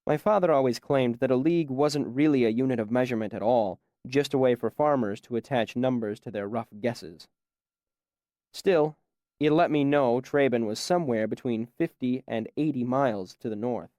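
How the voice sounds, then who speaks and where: Male audiobook narrator, measured first-person storytelling, dry studio sound. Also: medium pitch, dark tone, no echo.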